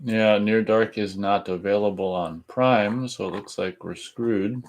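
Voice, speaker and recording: A man with a lowish voice co-hosts an unhurried, casual show. He reads listener comments out loud one after another, dropping relaxed little asides in between. His delivery is easygoing and slow. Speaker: radio show co-host. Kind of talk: casual chat reading live chat comments.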